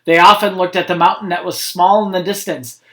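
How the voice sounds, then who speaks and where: A man's voice: high voice, flat delivery, brisk, bright, forceful tone. A man, a school principal, reading picture books aloud to students online, with friendly, chatty asides. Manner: friendly, chatty asides between read passages.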